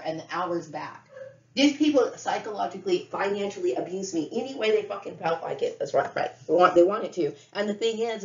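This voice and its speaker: A middle-aged woman giving an unscripted monologue to camera, talking bluntly, profanely and in circles. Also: on the low side. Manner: blunt, profane, repetitive ranting. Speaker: vlogger. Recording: roomy, dull lo-fi sound.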